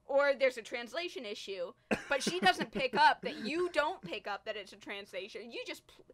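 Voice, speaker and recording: A woman's voice: high voice, lively intonation, normal speed, crowd noise. A woman co-hosting a casual movie commentary podcast, playful and giggly. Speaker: podcast co-host.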